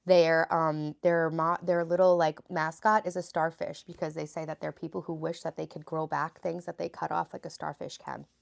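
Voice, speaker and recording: A woman's voice: fairly low pitch, vocal fry. A middle-aged woman livestreaming from home, chatting casually and answering viewer comments as she goes. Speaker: livestreaming vlogger mom. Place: at home, cluttered room.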